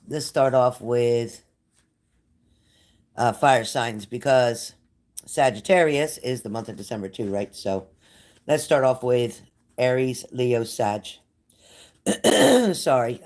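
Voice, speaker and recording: A woman's voice: extremely low pitch, slow, pauses often, a little mellow. Older woman, psychic reader hosting a live stream; casual, emotional, scattered, chatty with viewers.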